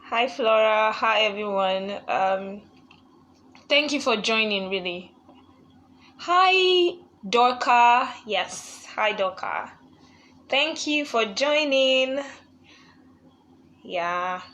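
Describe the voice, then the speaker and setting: A woman's voice: fairly high pitch, animated, extremely slow, pauses often, a bit bright. Chatty, laughing woman host on a live stream. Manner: chatty, laughs often, upbeat. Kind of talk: casual live-stream chat greeting viewers.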